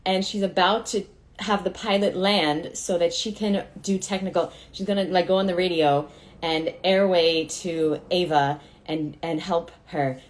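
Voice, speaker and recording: A woman hosting an Instagram live from Miami, chatting with playful, teasing energy. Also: medium pitch. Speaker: host.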